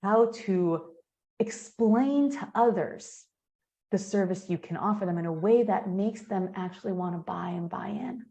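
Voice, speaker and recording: An American woman talking as a guest in a podcast interview, energetic and emphatic, acting out quoted sales pitches as she explains. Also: unhurried. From United States. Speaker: guest, marketing consultant.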